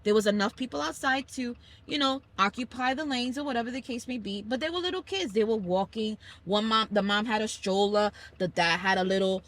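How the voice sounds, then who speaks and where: New york lady telling it like it is, bright sharp voice, acts out the quotes, chatting in the car. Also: on the high side, brisk, hardly any pauses. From Brooklyn, New York. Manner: animated storyteller, acting out quoted people, emphatic. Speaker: podcast host. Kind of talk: casual family chat. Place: car on a school commute.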